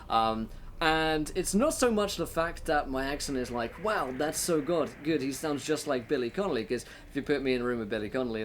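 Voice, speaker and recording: A man's voice: medium pitch, a little hiss or hum. A man, hosting and running a tabletop game stream, giving tips in a chatty, filler-heavy way. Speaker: game master and host. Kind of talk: casual explanatory talk on a stream.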